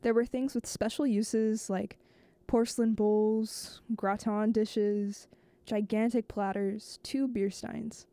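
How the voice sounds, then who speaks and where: A woman host reading a novel aloud, slow and measured, now and then stumbling and restarting a phrase. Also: fairly high pitch, steady tone, dark tone, no room sound.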